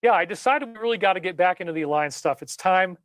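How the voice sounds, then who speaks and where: Emphatic male commentator, high voice, dry close mic, leans hard on key words. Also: fast, a bit bright, no room sound. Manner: emphatic, repeats key words, rhetorical questions. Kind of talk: animated live-stream commentary.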